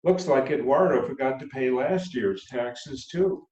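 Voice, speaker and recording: A man's voice: mid-range voice, measured pace, a little mellow, pitched above the performer's own voice, close to an everyday voice. A man doing a folksy small-town sheriff. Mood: regretful. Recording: roomy, dull sound from far off.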